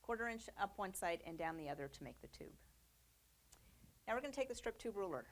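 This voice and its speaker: In a brisk, very animated voice of medium pitch, a woman teaches quilting in a casual studio demonstration. She keeps it chatty and cheerful with fillers and little laughs, and a slight hiss or hum is audible.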